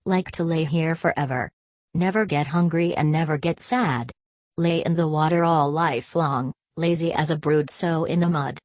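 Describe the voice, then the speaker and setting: A woman reading the part of a lazy young man who talks in a slow, drawling way, in an audiobook. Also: low-pitched, darkish tone, no echo, natural voice. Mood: dreamy.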